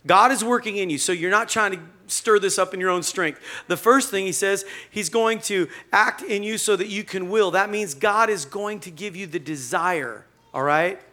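A male pastor delivers a sermon in a loose, conversational way and acts out the stories as he goes. His voice is bright and clear, sitting a little high for a man. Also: normal speed, hardly any pauses. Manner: conversational, animated storytelling preaching.

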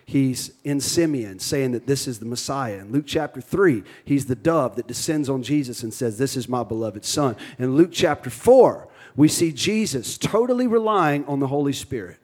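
Cracking jokes and leading call-and-response with his congregation, a Cajun-accented pastor delivers a sermon full of energy. He has a mid-range male voice that's a little mellow.

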